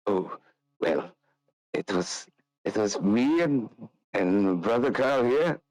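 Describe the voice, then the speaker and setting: A man's voice: medium pitch, very animated, slow, a little mellow, no room sound, poor audio. Man doing a drunk, leering tavern brawler. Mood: conspiratorial. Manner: slurring, boastful, leering. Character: drunk rowdy male brawler Nikolai.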